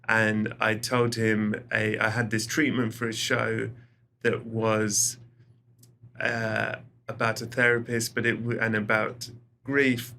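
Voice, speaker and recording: A middle-aged English man, a podcast guest, telling stories with lively acted-out quotes. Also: medium pitch, a little hiss or hum. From England. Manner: animated storyteller, acts out quoted lines. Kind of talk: casual podcast chat.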